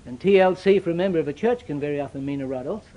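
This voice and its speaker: High-voiced man preaching an emphatic sermon. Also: very fast. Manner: emphatic, dramatic swings from loud declarations to hushed solemn asides; old-fashioned scriptural cadence.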